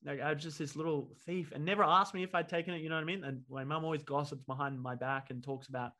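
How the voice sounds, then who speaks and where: A quick, rapid-fire man with a fairly high voice, guesting on a podcast as a comedian. He tells his story in an animated way and slips into the voices of the people he quotes.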